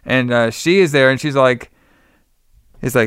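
A man's voice: medium pitch, unhurried, pauses often, fairly bright tone, clear, resonant tone, no echo, studio quality. A man co-hosting a podcast, casually retelling a movie plot in a rambling way full of fillers. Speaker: podcast co-host. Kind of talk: casual movie review chat.

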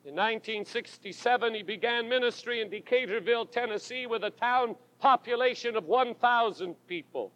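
A man's voice: extremely high pitch, moderate pace, few pauses, pushed and bright, no echo. A man preaching a sermon from a church pulpit, with dramatic, rhythmic delivery and emphatic refrains. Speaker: pastor. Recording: dull lo-fi 1980s tape recording.

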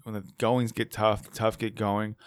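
A man's voice: lowish voice, flat delivery, normal speed, no echo, studio quality. A man in casual podcast chat, joking around and swearing, slipping into put-on voices. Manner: jokey, puts on voices for bits, swears.

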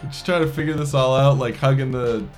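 A man's voice: mid-range voice, steady tone, fairly quick, soft background music. A man playing a tabletop game, casual, joking and laughing often. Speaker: player.

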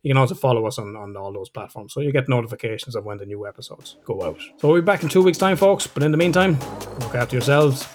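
A man hosts a casual podcast chat at a brisk clip, cursing easily as he wraps up the episode. His pitch sits mid-range for a man, and his delivery is relaxed and conversational. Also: soft background music. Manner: chatty, swears freely, fast outro plugs. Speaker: podcast host.

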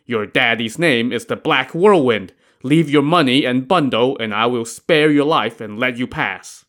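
A man voicing a cowardly male highway robber and imposter who talks in a trembling, pleading way. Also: unhurried, a bit bright, natural voice. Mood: boastful. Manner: pleading, trembling, high-pitched.

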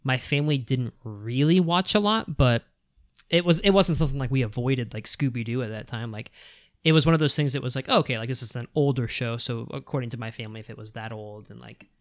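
A man's voice: mid-range voice, brisk, no echo. A man co-hosting a casual film podcast in a plain mid-range voice. He rambles, piles on "like" and "um", and laughs easily. The room sound is dry and close. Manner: rambling, full of "like" and "um", laughs often. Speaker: podcast co-host. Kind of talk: casual chat about films.

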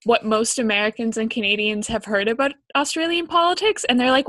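A woman's voice: on the high side, a little fast, hardly any pauses, pushed and bright, dry recording. Chatty young woman explaining things. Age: young adult. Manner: chatty, explanatory, self-deprecating. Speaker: podcast co-host. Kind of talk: casual podcast chat.

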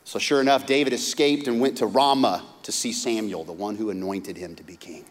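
A man preaching a sermon, retelling a story with lively, humorous asides and acted-out voices. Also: brisk. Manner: animated storytelling, acting out characters with big pitch swings. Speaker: pastor. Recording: hall reverb.

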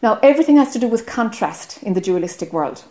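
A woman's voice: fairly high pitch, animated, fast, a little mellow. A woman with an Irish accent giving a spiritual teaching talk to a group, earnest and often checking whether listeners follow.

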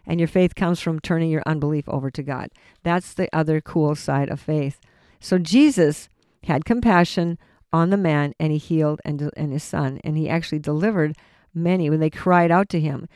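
A man's voice: a little high, normal speed, a little mellow, clean tone, dry recording, studio quality. A man giving an informal Bible teaching sermon, earnest and conversational, often restarting his phrases. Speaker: preacher.

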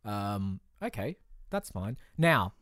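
Low-voiced man laughing along on a podcast. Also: big pitch swings, takes it slowly, fairly bright tone, no room sound. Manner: chuckling, agreeable, builds on ideas. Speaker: podcast co-host. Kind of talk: casual comedic brainstorming chat.

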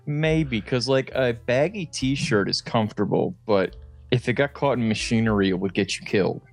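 A man's voice: mid-range voice, normal speed, soft background music. A middle-aged man co-hosting a podcast, telling rambling, self-deprecating stories in casual chat. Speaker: podcast co-host.

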